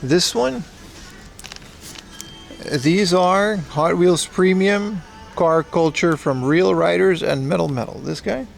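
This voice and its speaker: A man's voice: sits high, takes it slowly, creaky, long pauses, soft background music. A man casually chatting on a livestream as he browses a secondhand shop, slangy and talkative, answering his chat.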